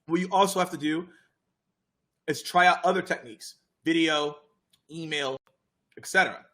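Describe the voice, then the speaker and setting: Man, casual live Q&A, bright forceful voice, slightly high pitch. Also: moderate pace. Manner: energetic, addresses viewers directly, acts out calm sales calls. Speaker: sales coach hosting a live Q&A. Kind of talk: casual live-stream Q&A coaching.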